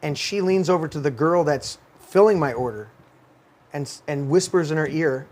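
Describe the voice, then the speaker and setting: A man's voice: fairly high pitch, normal speed, darkish tone. A man hosting a talk show, telling stories in a heated, profane rant. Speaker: podcast host. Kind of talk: casual ranting talk show.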